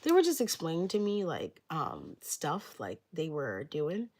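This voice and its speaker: A woman's voice: low-pitched, wildly swooping pitch, unhurried, a little mellow. A young woman telling a story on a livestream in a rambling, casual way, filling nearly every phrase with "like". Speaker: livestreamer giving readings.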